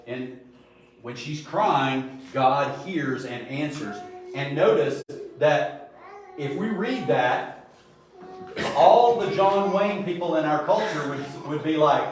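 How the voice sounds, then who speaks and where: A middle-aged man teaches a Bible study in a relaxed, talky way, with jokes and acted-out little scenes. His voice sits a little high. He sounds distant from the mic, in a very echoey room. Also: unhurried. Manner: conversational, joking asides, acts out little scenes. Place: church room.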